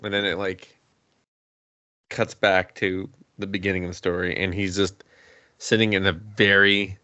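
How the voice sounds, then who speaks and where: A man's voice: deep voice, pushed and bright, highs cut off. A man hosting a casual podcast, retelling an anime episode with quoted lines and laughter. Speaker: podcast host. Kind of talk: casual anime review chat.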